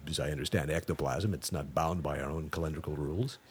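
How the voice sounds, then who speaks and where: A man's voice: rumbling low, fairly even intonation, fast talker. A middle-aged man hosting a radio show, talking in a dry, wordy way full of wry humor and bad puns. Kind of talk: scripted comic radio monologue.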